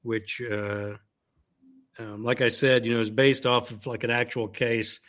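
A male author talking in a loose, rambling way, leaning on fillers like "you know" and "like that." His voice sits at an ordinary middle pitch, and he moves from chat into reading a passage from his book. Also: little pitch movement, measured pace, fairly bright tone. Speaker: author guest.

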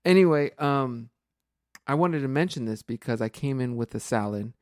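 A man in his forties co-hosts a casual podcast with a chatty, upbeat manner and a ready laugh. His voice sits at a middle pitch. The recording is dry and close. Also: animated, normal speed, darkish tone, no room sound. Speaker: podcast co-host.

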